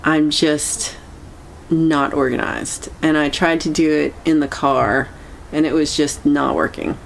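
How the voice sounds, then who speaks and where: A woman hosting a casual livestream chat, meandering and halting as she reacts to viewer comments. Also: deep voice, flat delivery, creaky, a little hiss or hum. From United States. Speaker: livestream host.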